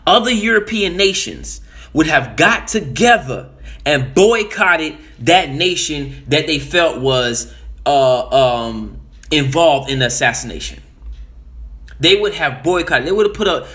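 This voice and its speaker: A man's voice: fairly high pitch, fairly bright tone. A man giving a casual political monologue, emphatic, often repeating and restarting phrases. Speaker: commentator.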